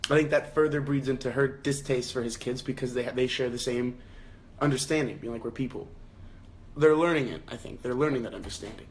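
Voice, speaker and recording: A man's voice: mid-range voice, quick pace, slight background noise. A young man talks through a novel on a casual livestream, the way a book club host does. He thinks aloud, backing up and restarting his sentences. Now and then he lifts his voice to act out a quoted line. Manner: reads quoted lines in a raised acted voice. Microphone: phone.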